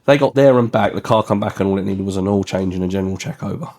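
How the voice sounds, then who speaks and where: A man's voice: deep voice, quick pace, darkish tone. A man in his thirties with a South London accent, chatting in a podcast interview and animatedly acting out quoted exchanges, swearing freely. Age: 30s. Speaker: classic car garage owner.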